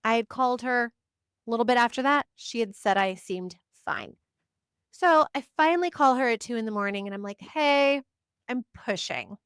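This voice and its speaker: A woman's voice: on the high side, brisk, fairly bright tone, clean tone, dry recording, studio quality. A woman, a psychic reader, talking casually to camera, stacking short emphatic affirmations and chatty asides. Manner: chatty, frequent "like" fillers. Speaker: psychic reader and spiritual teacher. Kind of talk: casual personal monologue to camera.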